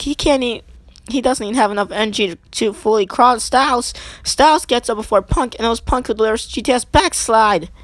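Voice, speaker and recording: Excitable woman calling wrestling play-by-play. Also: fairly high pitch, no echo. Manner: excitable, rising sharply on pin counts, chatty asides. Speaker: gaming channel host. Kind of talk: play-by-play wrestling commentary over a video game.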